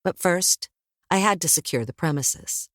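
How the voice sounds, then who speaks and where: A woman narrating a first-person audiobook in a wry, lively storytelling manner. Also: fairly low pitch, measured pace, no room sound, studio quality.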